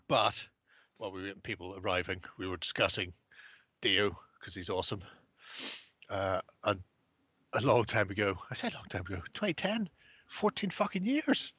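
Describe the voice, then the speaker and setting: A man's voice: lowish voice, animated, normal speed, pauses often, sharp tone, breathy edge, no room sound. A man hosting a podcast, chatting casually with wry, sweary humor and reading an article aloud with relish. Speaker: podcast host. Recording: muffled lo-fi.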